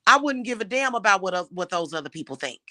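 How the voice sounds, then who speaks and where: A woman's voice: mid-range voice, sing-song, fast talker, bright, forceful tone, dry recording, studio quality. A woman giving blunt love advice in a casual monologue, emphatic and swearing freely.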